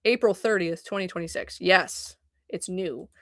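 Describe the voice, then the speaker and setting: A woman's voice: fairly low pitch, normal speed, no echo, studio quality. Chatty, profane young woman streamer. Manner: rambling, profane and animated. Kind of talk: casual chat. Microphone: desk mic at a computer.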